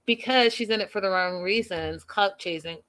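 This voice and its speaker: A woman's voice: medium pitch, moderate pace, fairly bright tone. Chatty gossipy woman recapping a show. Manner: chatty, gossipy, playfully dramatic. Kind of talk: casual recap chat to viewers.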